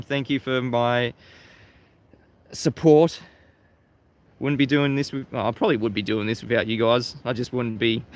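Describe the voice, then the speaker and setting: Chatty Australian man hosting a livestream. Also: medium pitch. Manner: chatty, laughs often, repeats words as he restarts. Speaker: livestream host. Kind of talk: casual live-stream talk, reading chat. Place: outdoors facing the sea at sunrise.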